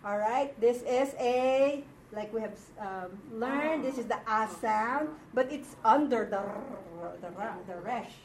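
A woman's voice: on the high side, slow, few pauses, crowd noise. A woman from the Philippines teaching a class, explaining patiently and checking in with her students. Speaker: Hebrew teacher. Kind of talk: classroom lesson. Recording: echoey room from far off.

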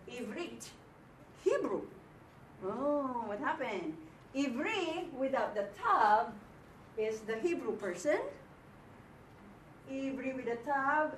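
A woman's voice: fairly high pitch, slight background noise. A woman teaching a language class patiently, repeating words and often checking in with her students. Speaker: Hebrew teacher. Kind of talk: classroom lesson.

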